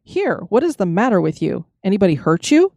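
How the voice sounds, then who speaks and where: A woman voicing a gruff old noodle peddler. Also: mid-range voice, sing-song, fairly quick, warm tone, no room sound. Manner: gruff, brusque. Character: rough, unsympathetic old male noodle peddler.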